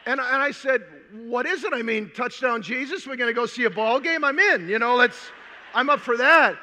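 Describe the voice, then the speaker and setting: An older man tells a personal story from a conference stage, animated and humorous. His voice sits very high and sounds strikingly bright. A long reverb from the hall trails behind every phrase. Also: moderate pace, slight background noise. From Minnesota, USA. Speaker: conference speaker. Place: large hall.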